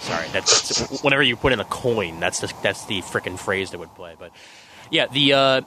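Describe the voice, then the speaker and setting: A man's voice: fairly low pitch, expressive, moderate pace, background noise. A man co-hosting a podcast in casual chat, giving short acknowledgements and throwing in goofy bits. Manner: brief acknowledgements, bursts of goofy quoting. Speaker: podcast co-host.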